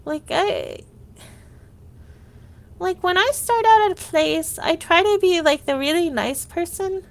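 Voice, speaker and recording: High-voiced woman venting on a livestream. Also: a little slow, creaky. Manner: rambling, fillers of "like", restarts. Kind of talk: casual venting monologue.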